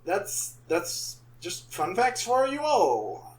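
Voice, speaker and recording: A man with a high, sing-song voice that leaps up and down as he jokes and rattles off fun facts. His voice rings out in an echoey room. He sounds excitable and playful in relaxed podcast chat. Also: slight background noise. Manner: excitable, quick to joke. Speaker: podcast co-host. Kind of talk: casual chat.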